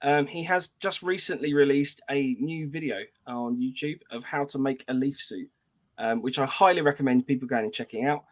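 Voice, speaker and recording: A man's voice: medium pitch, moderate pace. A man co-hosting a podcast, chatting casually and rambling with frequent restarts. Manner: rambling, many fillers and restarts. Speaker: podcast co-host.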